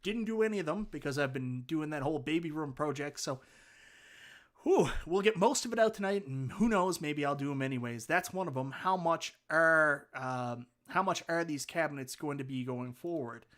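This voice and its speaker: A man's voice: fairly high pitch, animated, normal speed, a bit bright. A man with a Newfoundland accent hosting a casual livestream, rambling enthusiastically and thanking viewers for their comments. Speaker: livestream host. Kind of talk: casual live chat, reading viewer comments.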